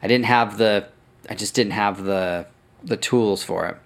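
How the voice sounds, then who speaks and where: Podcast host, male, somewhat low voice, loose rambling storyteller who curses and backtracks. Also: unhurried. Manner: swears freely, rambling and self-correcting. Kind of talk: casual storytelling.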